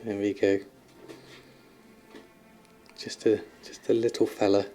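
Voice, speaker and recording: A man's voice: fairly low pitch, level tone, slow, mellow. A man streaming from home, chatting casually with viewers and cooing affectionately at his kittens, laughing often. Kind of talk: casual live-stream chat. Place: at home, indoors.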